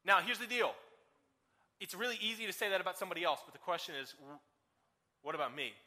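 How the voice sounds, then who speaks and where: A man preaches a sermon with energy and a chatty, questioning delivery. His voice sits high and sounds piercingly bright. The recording carries the long reverb of a church hall. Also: fast. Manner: energetic, conversational with rhetorical questions. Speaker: guest preacher.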